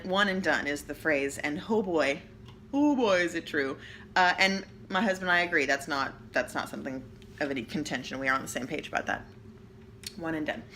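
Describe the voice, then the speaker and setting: A bright, crisp woman's voice sitting a little low, talking straight into a hand-held phone. She rambles candidly and chattily about her home life and often pokes fun at herself. The delivery is loose and personal, like a casual home vlog. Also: slight background noise. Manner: candid, chatty and self-deprecating, with quick jokes. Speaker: vlogger. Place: at home, seated. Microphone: phone camera held in hand.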